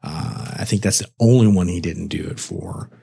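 A man's voice: low voice, huge pitch swings, moderate pace, creaky, mellow, slightly rough. A man co-hosting a casual movie review chat, rambling and correcting himself as he goes, with crude jokes. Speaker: film podcast co-host.

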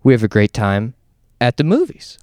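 A Canadian man in his late twenties, co-hosting a podcast and telling comedic stories in a casual, animated way. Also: medium pitch, moderate pace, clear, resonant tone, no echo, studio quality. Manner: animated, acts out quoted voices. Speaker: podcast co-host.

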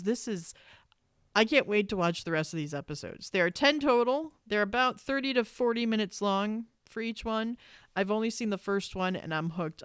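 A woman's voice: mid-range voice, smooth, no room sound, clean studio sound. A woman co-hosting a podcast in casual chat. She swears freely and acts out her own exasperated reactions. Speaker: podcast co-host.

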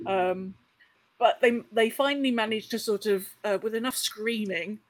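A woman's voice: mid-range voice, moderate pace. A woman in casual chat, telling a long story with many fillers and restarts. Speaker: podcast guest.

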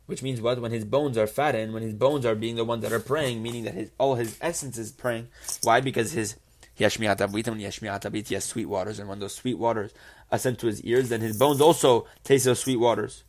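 A man's voice: medium pitch, steady tone, fast talker. A man teaching a religious text lesson who reads Hebrew phrases, translates each, and answers his own rhetorical questions. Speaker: Torah teacher.

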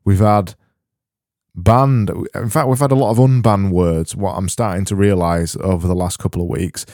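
Man, podcast host, deadpan rambling, low dark voice, dry close sound. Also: moderate pace, dry recording. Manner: rambling, self-interrupting, deadpan. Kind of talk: solo comedic podcast rambling.

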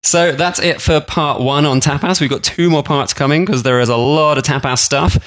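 A man's voice: on the high side, moderate pace, fairly bright tone. A man with an Australian accent tinged with English, co-hosting a podcast in a casual, jokey chat. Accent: Australian with a slight English tinge. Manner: chatty, jokey, rising into exaggerated mock outrage. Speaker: podcast co-host.

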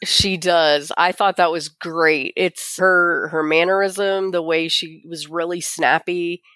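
A woman's voice: fairly low pitch, fairly even intonation, slow, fairly bright tone, clear, resonant tone, no room sound, clean studio sound. A woman co-hosting a casual podcast, giving emphatic opinions with laughs, recovering from the flu. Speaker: podcast co-host. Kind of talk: casual recap chat.

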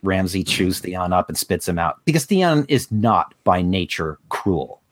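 A man co-hosting a podcast who comments in a measured, analytical way. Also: low-pitched, big pitch swings, no echo, studio quality. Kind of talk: casual chat.

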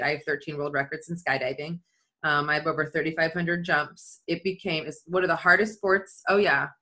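A woman's voice: low-pitched, sharp tone. A middle-aged woman, a skydiving athlete and leadership speaker, telling a personal story in conversation and acting out quotes.

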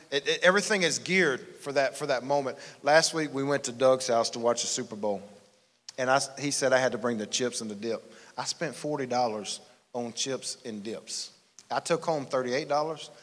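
Male pastor, casual animated sermon, mid pitch, live church hall reverb. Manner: folksy, animated preaching with asides. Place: church sanctuary.

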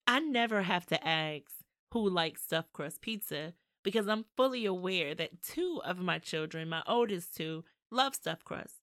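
A woman's voice: fairly low pitch, expressive, unhurried, few pauses, fairly bright tone, no echo, studio quality. A middle-aged woman co-hosting a casual family podcast with her child, teasing and laughing often. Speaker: podcast co-host, mother.

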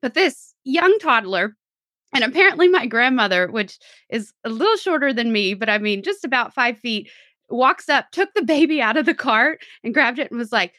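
A woman's voice: on the high side, animated, moderate pace, pushed and bright, no echo, studio quality. A woman co-hosting a podcast, chatting casually and laughing often as she tells stories. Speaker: podcast co-host. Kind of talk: casual chat.

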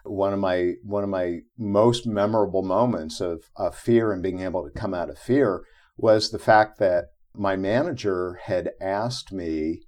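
A man's voice: sits low, measured pace. A middle-aged man, an interview guest, telling a personal story in conversation and acting out the quotes in it. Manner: animated, acts out quotes from his own story.

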